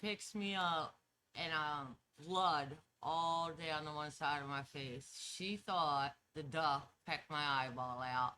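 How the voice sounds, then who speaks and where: A woman chatting as a podcast guest, telling lively personal stories and laughing easily. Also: sits low, slow, a little hiss or hum. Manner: animated storyteller, laughs easily. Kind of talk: casual storytelling chat.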